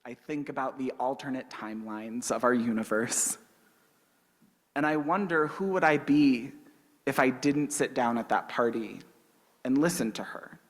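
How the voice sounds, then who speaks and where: A young man minister tells a personal story from the pulpit in an easy, conversational way, with flashes of humor. His voice sits at an ordinary middle pitch. Long reverb from the sanctuary trails each phrase. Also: fairly bright tone. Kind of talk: storytelling sermon. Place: church sanctuary.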